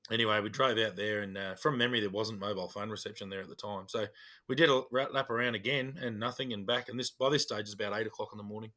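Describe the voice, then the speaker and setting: Bright-voiced Australian man telling cop stories. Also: fairly low pitch, fast talker. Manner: animated, acts out dialogue in his stories. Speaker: podcast co-host, police officer. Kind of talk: casual storytelling chat.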